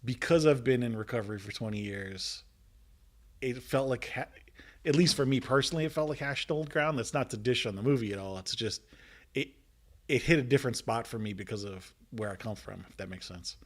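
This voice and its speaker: A man's voice: medium pitch, a little fast. A man co-hosting a casual podcast chat, thoughtful and hesitant, often searching for his words. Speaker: co-host.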